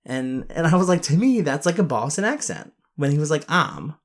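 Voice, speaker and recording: A woman co-hosting a podcast in casual chat, animated and playful. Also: deep voice, brisk. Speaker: podcast co-host.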